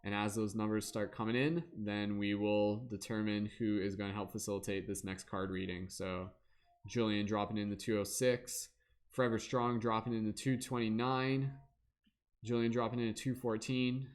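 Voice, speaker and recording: A man hosting a tarot reading livestream, talking casually and loosely, filling pauses with fillers and hummed "da da da" sounds. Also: on the low side, flat delivery.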